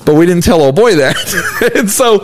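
A man's voice: high voice, expressive, normal speed, slight background noise. A young man co-hosting a casual podcast, telling stories with lots of laughter and acted-out quotes. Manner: laughs often, acts out quotes animatedly. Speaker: podcast co-host. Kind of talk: casual chat.

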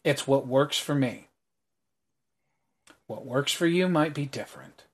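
A man narrating as game master of a tabletop role-playing game, voicing characters by dropping low and quiet. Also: expressive, a little slow.

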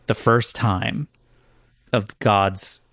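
A man co-hosting a podcast, chatty and quick to laugh, earnest when giving announcements. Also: lowish voice, fairly even intonation, a bit bright, dry recording, studio quality. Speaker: podcast co-host. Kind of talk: casual podcast chat.

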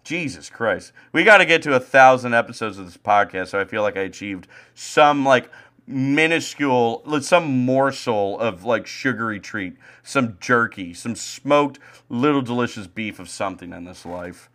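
A young man co-hosting a podcast, ranting angrily and profanely about baseball, swinging between loud outbursts and low mutters. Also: expressive, moderate pace. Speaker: podcast co-host. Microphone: home streaming mic.

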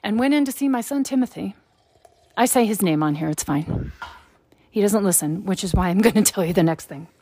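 A woman's voice: medium pitch, expressive, a little fast, mellow. A woman in her forties co-hosting a podcast, telling a story in chatty, rambling fashion with lots of "like". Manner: chatty, rambling, heavy use of filler "like". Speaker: podcast co-host.

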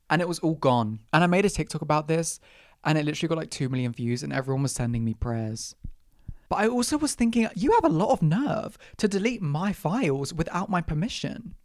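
A woman's voice: sits low, animated, moderate pace, dry recording, clean studio sound. Sweary, dramatic young woman. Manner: dramatic, sweary, exaggerated outrage. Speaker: podcast host. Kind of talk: solo comedic rant.

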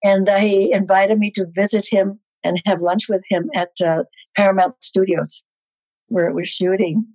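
A woman in her eighties, a guest on a talk show, telling a story from her past with wry, lively asides. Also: medium pitch, normal speed, dry recording, low-quality recording. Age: 80s. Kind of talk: casual storytelling chat.

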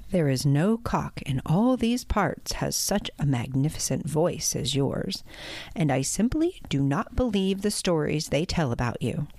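A woman voicing a sly, smooth-talking male fox in a storybook, speaking in a honeyed, flattering way. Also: low-pitched, a little slow, no room sound, voice pushed down, heavily acted.

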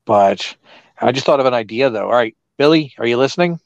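A wry, joking man co-hosting a podcast, tossing out puns in casual chat. His voice sits at a middle pitch. The sound is dry and a little dull, as if from a lo-fi mic. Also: lively intonation, fairly quick, creaky, no room sound. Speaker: podcast co-host.

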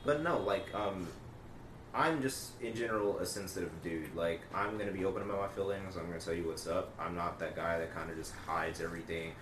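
A young man chatting in a relaxed, filler-heavy way in a casual podcast. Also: deep voice, brisk. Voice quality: laid-back, filler-heavy. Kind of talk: casual chat. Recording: echoey room, distant mic, noise.

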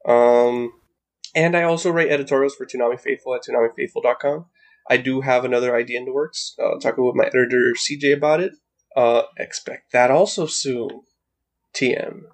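Casting: mid-pitched male podcast guest, hesitant and rambling. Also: fairly even intonation, a little fast. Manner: rambling, hesitant with many uhs. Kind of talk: casual chat.

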